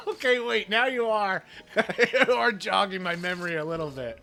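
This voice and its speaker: A man's voice: high voice, a little slow, creaky, bright, forceful tone. A man chatting casually while speedrunning a game, laid-back, laughing often and swearing freely. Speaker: speedrunning streamer. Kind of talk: casual chat while gaming.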